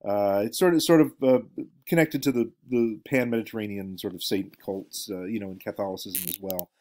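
A man lecturing to students and reading from a book, halting, with many fillers and restarts. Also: lowish voice, a little mellow.

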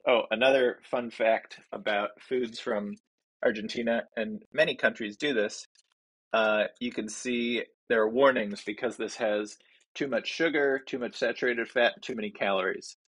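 A man's voice: medium pitch, fairly even intonation, moderate pace, a bit bright, slightly rough. A man hosting a casual home food review vlog from his basement, rambling and poking fun at himself with lots of fillers. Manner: rambling and self-deprecating, many fillers.

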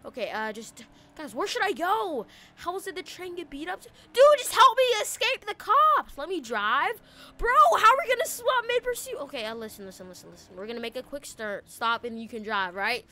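Frantic gamer girl yelling through a car chase, super high lively voice, bright. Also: fairly quick. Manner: frantic, shouting and repeating words. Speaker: gaming video creator. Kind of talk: panicked gameplay commentary.

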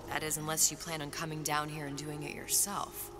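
An actress playing a clever young woman who speaks in a dry, wry, quick-witted way. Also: low voice, level tone, background noise, lightly acted.

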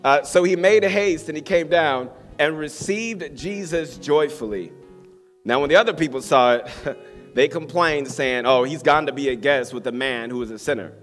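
A man's voice: on the high side, normal speed. A man preaching a sermon to a congregation in a church, reading scripture and praying in a fervent, exhorting way. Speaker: pastor. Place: church hall with live congregation. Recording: long hall reverb, soft guitar behind.

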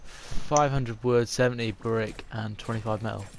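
A man chatting and joking loosely while playing an online game with a friend, swearing often and reacting fast to the action. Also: on the low side, fairly even intonation, creaky, a little hiss or hum. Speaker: gamer. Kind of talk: casual gaming banter.

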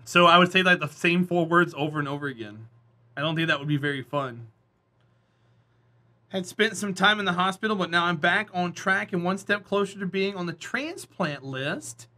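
Bright, high-voiced man chatting on stream. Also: expressive, moderate pace. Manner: joking, teasing, laughs often. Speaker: live streamer. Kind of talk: casual live-stream chat with viewers.

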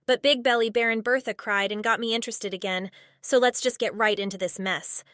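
A woman's voice: fairly high pitch, a little fast, no echo, clean studio sound. Snarky woman commentary host. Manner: snarky, deadpan. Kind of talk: sarcastic commentary narration.

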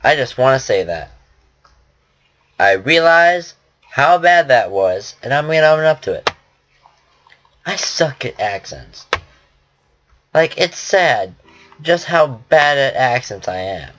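A man's voice: mid-range voice, expressive, slow, long pauses, a bit bright. A man giving casual game commentary at his computer, rambling and joking at his own expense. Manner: rambling, self-deprecating chatter. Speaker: gaming commentator. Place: at a home computer.

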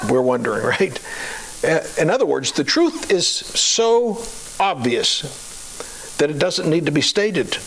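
A man's voice: fairly high pitch, a bit bright, breathy edge, poor audio. Man preaching a sermon in a conversational way. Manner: conversational preaching with fillers and rhetorical questions; slows to a deliberate cadence when reading scripture. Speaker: pastor.

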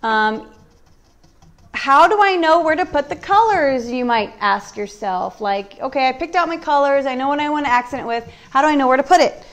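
A woman demonstrating furniture painting on a live stream, talking through each step in a relaxed, chatty way. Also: high voice, moderate pace. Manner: relaxed, chatty, thinking aloud. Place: warm indoor workshop.

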